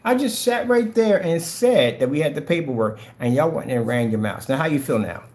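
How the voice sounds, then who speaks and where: A channel host with a fairly high, darkish-toned voice runs a livestream, speaking a little fast and animatedly. He taunts and confronts viewers, repeating the same challenging questions over and over.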